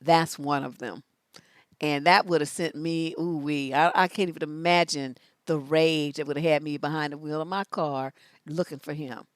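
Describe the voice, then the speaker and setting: A woman relationship coach talks to her viewers in a loose, sassy way, her voice sitting on the low side. The sound is dry and close with no room echo. She is animated and laughs easily as she gives advice. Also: moderate pace. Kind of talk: casual live-stream advice talk.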